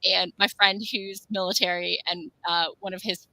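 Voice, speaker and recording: A woman's voice: lowish voice, flat delivery, moderate pace, gravelly, pushed and bright, dry recording. A woman co-hosting a casual live stream, chatting and reading out comments from the chat. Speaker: stream co-host.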